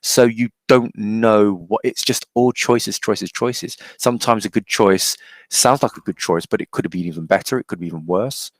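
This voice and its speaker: A man's voice: fairly low pitch, normal speed, no room sound. A man giving his opinions as a podcast guest, arguing point by point. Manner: argumentative, reasons point by point.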